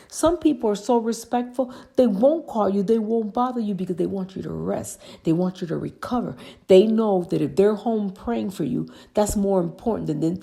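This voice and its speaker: A woman hosts her own podcast, talking earnestly about faith and getting through hard times. Her voice is gravelly, with a dark, mellow tone. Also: mid-range voice. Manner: earnest, testimonial, leans on religious phrases. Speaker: podcast host. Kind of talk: faith-based personal talk.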